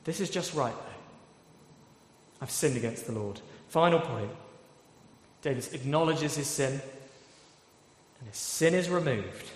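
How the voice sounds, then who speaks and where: A man preaching a sermon, expressive, asking rhetorical questions and acting out quoted voices. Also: medium pitch, unhurried, pauses often. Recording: echoey hall with long reverb.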